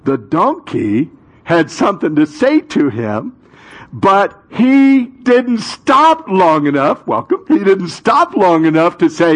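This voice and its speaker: Male pastor, lively preaching, higher-pitched voice, punchy pauses. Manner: animated, rhetorical questions, dramatic pauses. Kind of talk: sermon.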